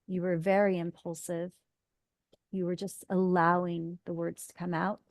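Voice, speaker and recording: A woman's voice: on the low side, little pitch movement, a little slow, dry recording, studio quality. A woman acting coach giving direct, instructive feedback to students in class.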